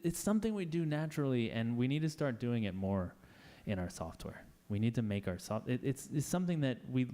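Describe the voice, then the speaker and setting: A man's voice: mid-range voice, warm tone. A man giving a casual, playful talk to a live audience, chatty and acting out little scenes in voices. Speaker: conference speaker.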